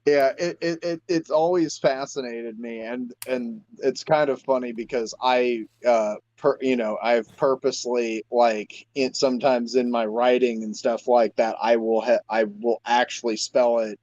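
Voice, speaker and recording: A man's voice: medium pitch, steady tone, a little slow, few pauses, darkish tone, no room sound. An American man talks through a casual chat, hesitant and often restarting his sentences. His voice comes through dull and lo-fi, with a dry, close sound. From United States.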